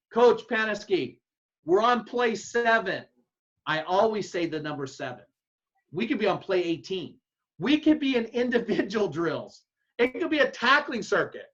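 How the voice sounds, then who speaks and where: Blunt folksy coach, dull lo-fi sound. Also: male voice, fairly high pitch. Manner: blunt, folksy, acts out his own yelled calls. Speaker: head football coach. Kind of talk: casual advice talk to coaches.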